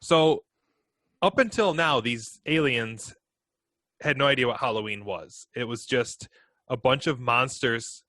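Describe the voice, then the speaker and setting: A male podcast co-host with a bright, mid-pitched voice, explaining things plainly in casual chat. The sound is dry and close. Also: measured pace, no echo.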